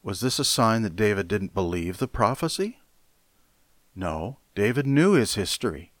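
Man, pastor, sermon, deliberate emphatic delivery, low voice, dry close sound. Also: sing-song, fairly bright tone, no room sound.

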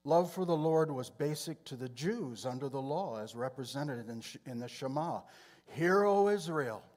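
A man teaching from the Bible in a sermon, speaking in a measured way and often clearing his throat. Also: mid-range voice, mellow.

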